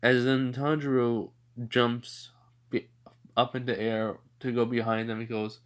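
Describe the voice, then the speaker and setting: A man making up a fan story as he goes in a casual, rambling way. He sighs often and stops to correct himself. His pitch sits in an ordinary middle range. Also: little pitch movement, measured pace, clear, resonant tone. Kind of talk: casual improvised story narration.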